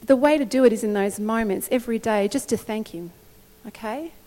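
A middle-aged woman preaching a sermon in an animated, conversational way, often checking in with her listeners. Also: on the high side, a little fast. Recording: long hall reverb.

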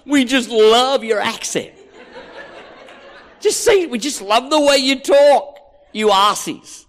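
A man's voice: very high-pitched, expressive, slow pace, pitched above the performer's own voice, full character voice. A man putting on a squealing, gushing fan. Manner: squealing, laughing, shouting. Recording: echoey hall.

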